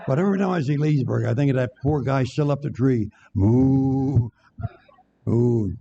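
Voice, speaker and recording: Gravelly older preacher in a church hall. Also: male voice, mid-range voice, expressive, fast, mellow. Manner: chatty, joking, banters with congregation. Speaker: guest preacher. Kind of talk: folksy sermon with jokes. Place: church sanctuary. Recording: dull echoey church recording.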